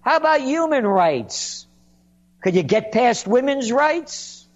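A man's voice: very high voice, very animated, slow pace, dull audio. A man delivering a sarcastic, indignant political monologue, mocking and scornful as he rants. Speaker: commentator.

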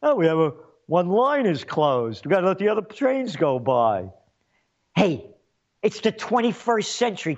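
A scornful man delivers a mocking political rant in a high-pitched voice. His tone swings widely as he jeers. The recording sounds muffled and lo-fi. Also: very animated, normal speed. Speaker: political commentator. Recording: dull lo-fi recording.

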